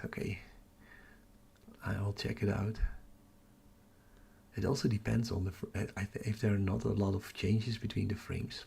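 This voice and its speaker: A man, hosting a live telescope stream in a hushed whisper, halting and correcting himself as he works outdoors at night. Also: fairly low pitch, gravelly, breathy edge. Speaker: astrophotography livestream host.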